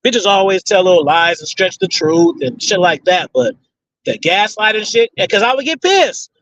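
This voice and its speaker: A man's voice: high voice, sing-song, moderate pace, a bit bright, highs cut off. A man hosting a casual question-and-answer session, rambling in profane street slang. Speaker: host answering audience questions. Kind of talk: casual Q and A talk.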